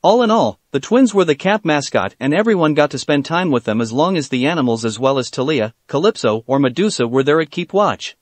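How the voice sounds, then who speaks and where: A man narrating fan fiction aloud in a steady reading voice with occasional stumbles. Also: on the high side, brisk, few pauses, no room sound.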